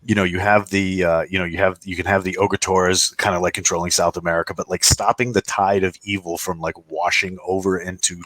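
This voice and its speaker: A man's voice: deep voice, little pitch movement, a little fast, hardly any pauses, fairly bright tone, no room sound. A man co-hosting a casual roundtable chat, telling rambling stories and acting out the people in them. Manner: rambling storyteller, acts out quoted voices. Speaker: podcast co-host.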